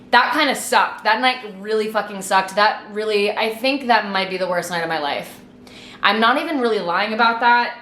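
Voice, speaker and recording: A young woman in her twenties telling a storytime vlog in a chatty, sweary, animated way, a little tipsy from wine. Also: mid-range voice, echoey room. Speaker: vlogger. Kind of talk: casual storytime monologue.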